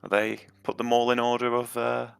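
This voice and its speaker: A man's voice: medium pitch, completely flat delivery, normal speed, vocal fry, smooth, dry recording, faint music behind. A man playing his character in a tabletop game, mild and hesitant. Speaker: player.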